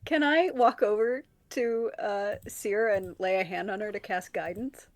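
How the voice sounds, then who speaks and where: A woman's voice: medium pitch, a little slow, dry recording. A woman playing a tabletop game asks her questions plainly and directly. Her voice sits in a middle range and sounds dry and close, with no room around it. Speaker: player. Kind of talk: casual tabletop game talk.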